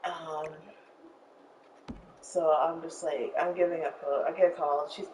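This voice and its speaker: A woman's voice: low voice, fairly even intonation, measured pace, darkish tone, slight background noise. Rambling young woman, distant mic. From Arizona. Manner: rambling, many fillers, emotional retelling. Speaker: streamer telling a story. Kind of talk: casual storytelling while gaming.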